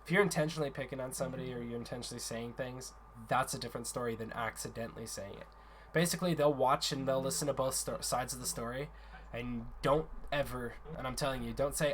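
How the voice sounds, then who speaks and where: A man's voice: mid-range voice, fairly even intonation, a little fast, fairly bright tone, slight background noise. A man in a casual voice chat, earnestly explaining a gaming community's conduct rules at length, often restarting his sentences.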